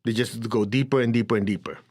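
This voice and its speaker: Animated man telling stories in a lecture. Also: medium pitch, fast talker. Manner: animated storytelling, acts out quoted voices, laughs often. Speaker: spiritual teacher. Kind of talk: lecture to an audience.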